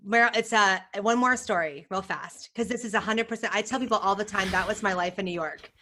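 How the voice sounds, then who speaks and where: A woman from the United States, a photographer guest on a podcast, telling stories in a casual, animated way and acting out what others said. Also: medium pitch, a little fast, a little hiss or hum. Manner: animated, laughing, acts out quotes.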